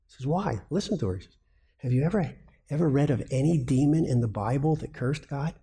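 Male preacher, warm dark timbre, question-and-answer teaching delivery. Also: medium pitch, expressive, brisk. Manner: asks the audience questions and answers them himself. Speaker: speaker on biblical counseling. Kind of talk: sermon-style teaching talk.

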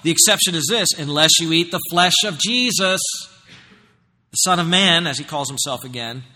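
High, bright-voiced preacher in a reverberant hall. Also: male voice, moderate pace. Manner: emphatic preaching, swinging between loud and hushed. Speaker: pastor. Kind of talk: sermon.

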